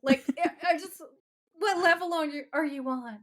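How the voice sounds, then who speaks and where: A woman with a voice that sits high speaks at a moderate pace while co-hosting a podcast. Chatting loosely about a TV episode, she retells it vividly and acts out the characters' quotes.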